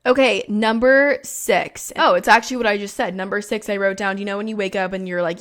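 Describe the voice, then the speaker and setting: A young woman in her twenties hosts a podcast in loose, casual chat. She rambles, swears freely and leans on fillers as she goes, with a voice of ordinary female pitch. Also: fairly even intonation, a little fast, hardly any pauses. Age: 20s. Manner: frank, profane, rambling with many fillers. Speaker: podcast host.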